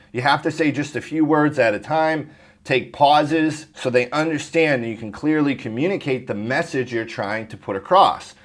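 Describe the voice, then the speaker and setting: A man coaching viewers on phone sales, talking to camera in a brisk, direct way and often clearing his throat. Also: medium pitch. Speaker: insurance telesales trainer.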